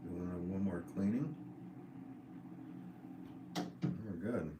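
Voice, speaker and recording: Potter, male, low-pitched, easygoing and self-mocking live-stream chatter; echoey studio, mic well off, noisy. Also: drawn-out words. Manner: relaxed, chatty, self-deprecating. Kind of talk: casual live-stream chat while working at the wheel. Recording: echoey room, mic at a distance, background noise.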